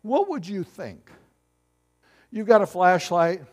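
Animated pastor preaching in a reverberant hall. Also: male voice, high voice, takes it slowly. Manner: animated, joking with the congregation. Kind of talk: sermon.

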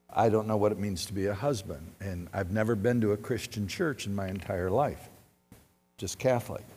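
A man preaching a sermon as pastor, swinging from loud exhortation to quiet personal storytelling. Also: fairly low pitch, husky. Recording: long reverb with faint music.

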